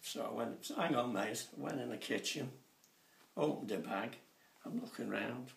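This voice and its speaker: A man, doing stand-up comedy in a chatty, animated way and putting on voices for his jokes. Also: mid-range voice, moderate pace, vocal fry. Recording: roomy sound from a distant mic.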